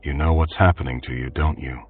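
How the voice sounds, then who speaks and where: Man voicing a worried protective young guy, earnest and pressing, very deep voice, tinny sound. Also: steady tone, a little fast. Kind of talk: audiobook character voice. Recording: distant tinny phone-like sound, faint music.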